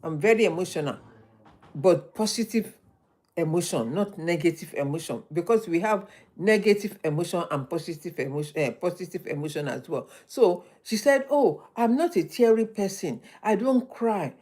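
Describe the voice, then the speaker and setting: A woman's voice: fairly low pitch, lively intonation, moderate pace, mellow. A woman hosting a motivational live stream, telling stories and repeating points for emphasis.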